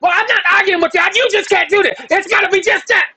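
A man doing a shrill, shouting postal clerk lady. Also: fast talker, exaggerated voice. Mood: yelling. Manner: shrill, yelling, snappish.

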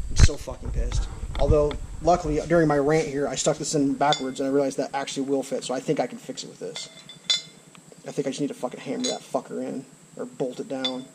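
A man's voice: medium pitch, little pitch movement, fast talker, very noisy. A man ranting to camera as a vlogger, frustrated, swearing often and repeating himself, recorded outdoors. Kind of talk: angry rant to camera. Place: outdoors by a trailer.

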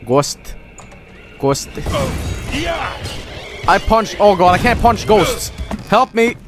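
A male streamer giving excitable live commentary on a game, laughing and shouting exclamations. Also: high-pitched, extremely slow, music in the background.

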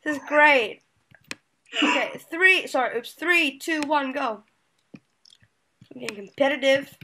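Excitable high-voiced woman calling a game. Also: a little slow, a little hiss or hum. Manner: excitable, competitive, loud outbursts and swearing. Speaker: co-host of a gaming video. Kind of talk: casual game commentary.

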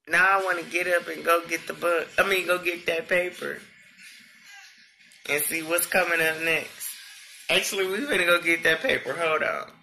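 A man chatting excitedly to his viewers in a casual vlog, gushing, slangy and quick to laugh. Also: a little high, gravelly, slight background noise. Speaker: vlogger.

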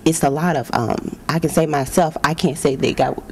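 A woman with a husky, gravelly voice speaks fervently on a church panel. She praises God out loud and describes her own walk of faith. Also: low voice, moderate pace. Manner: fervent, opens with exclamations of praise. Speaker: panel guest. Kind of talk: church talk show discussion.

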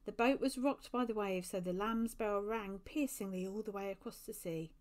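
A woman reading a children's story aloud with lively expression. Her voice sits at an ordinary middle pitch, and she shifts tone as the story moves. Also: moderate pace.

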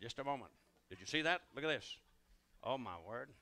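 An older man with a drawl, telling rambling comic stories on stage. His voice is gravelly with a bright edge, and he keeps breaking off into folksy asides to the crowd. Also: medium pitch, lively intonation, fairly quick. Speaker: comedian and musician on stage. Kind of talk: live stage comedy storytelling. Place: ballroom stage before a live audience.

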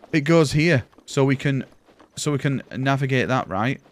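A young man, chatting excitably and swearing as he streams a video game and thanks viewers. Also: mid-range voice, measured pace. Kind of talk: live gameplay commentary.

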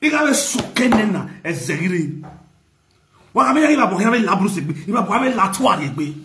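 Loud, mocking Nigerian man, very high voice, ranting gossip vlogger in an echoey room. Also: sing-song, brisk. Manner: loud, mocking, bursts into shouts and laughter.

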